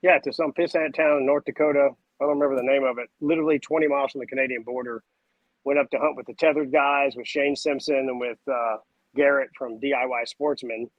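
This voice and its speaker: A man, a podcast guest telling stories in a casual, animated way. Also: medium pitch, fast, no echo, muffled recording. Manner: animated, acts out voices and sounds. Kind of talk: casual storytelling chat.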